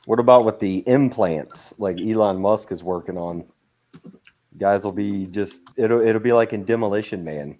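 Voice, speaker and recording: A man's voice: fairly low pitch, moderate pace, darkish tone. A man, a guest on a livestream panel, musing in offhand casual chat.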